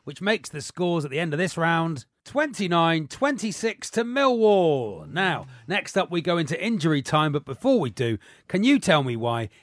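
A man's voice: fairly high pitch, very animated, normal speed, hardly any pauses, dry recording, studio quality. A man hosting a radio sports quiz in a jovial, teasing way.

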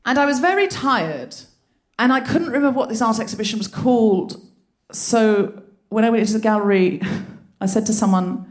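A woman hosts a live comedy podcast from a theatre stage, with crowd noise around her. Her voice is on the high side with lively intonation and a moderate pace, and she tells stories in a playful, giggly way.

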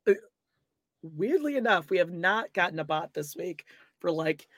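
A woman's voice: on the low side, expressive, normal speed, no echo. Chatty woman co-host, dry sound. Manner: chatty, hesitant, with fillers. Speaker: podcast co-host. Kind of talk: casual chat.

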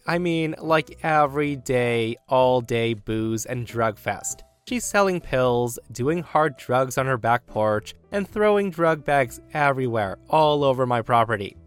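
Smooth-voiced man narrating a revenge story. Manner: storytelling with emphatic swings in pitch and loudness. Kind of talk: reading a first-person revenge story.

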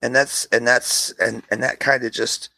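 A man's voice: normal speed, creaky. A man in his fifties telling a long personal story in casual chat, acting out the people in it. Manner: animated storyteller, jumps to high pitch for quoted voices.

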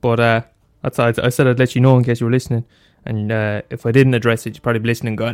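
A man talks through his solo podcast in a loose, rambling way, full of ums, restarts and cheerful swearing. His pitch sits in an ordinary middle range. Faint music plays under his voice. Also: level tone, racing, few pauses, smooth. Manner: loose and profane, many fillers and restarts. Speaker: podcast host.

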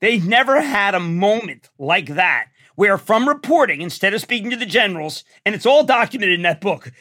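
Man in his 60s, guest in an interview, excitable rambling talker with a high, bright, very lively voice. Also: normal speed. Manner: excitable, rambling storyteller, rises to near-shouts. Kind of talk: animated conversation.

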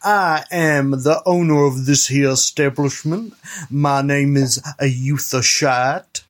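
A man voicing a rambling old-west saloon owner in a slow, mock-formal drawl for a comedy bit. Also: medium pitch, fairly even intonation, lightly acted. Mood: pompous. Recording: noisy backup recorder.

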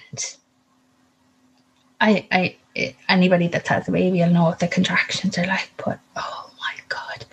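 A woman's voice: medium pitch, slightly rough, poor audio. A young woman candidly telling her own birth story in casual talk, rambling and correcting herself as she goes. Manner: candid, rambling, self-interrupting, with laughs and swearing.

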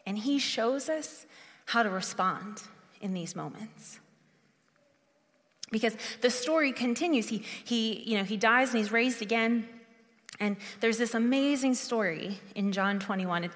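A woman's voice: mid-range voice, normal speed, fairly bright tone. Earnest woman preaching in a reverberant hall. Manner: earnest, conversational, with frequent restarts. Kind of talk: sermon.

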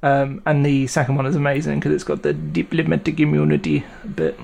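A man's voice: a little high, fairly quick, gravelly, a little mellow. A man co-hosting a podcast, talking in a hesitant, casual way with restarts and hums. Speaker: podcast co-host. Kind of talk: casual chat.

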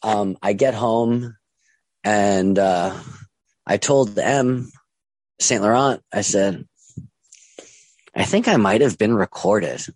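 A young man telling his own story casually, halting with many ums and restarts and acting out what others said. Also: on the low side, a little mellow, dry recording. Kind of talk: casual first-person storytelling.

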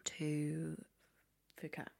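A woman's voice: low-pitched, monotone, extremely slow, creaky, a little mellow. A woman co-hosting a podcast, chatting casually, laughing often and telling stories in a rambling way. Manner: giggly, rambling storyteller. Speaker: podcast co-host. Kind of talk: casual chat.

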